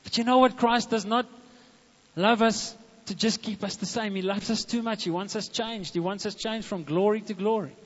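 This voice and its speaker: A man preaches a sermon with a fairly high voice, turning now and then to talk directly to his congregation. The sound is dull and muffled, and his words ring out through a large, reverberant church hall. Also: moderate pace. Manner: animated preaching with asides to the congregation. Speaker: pastor.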